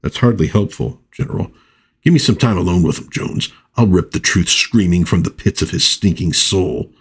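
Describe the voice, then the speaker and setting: A grim, hateful warrior god who snarls out harsh threats, read by a man in his own low, husky voice while recapping a comic. The delivery is only lightly acted. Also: normal speed. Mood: menacing. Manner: menacing, harsh.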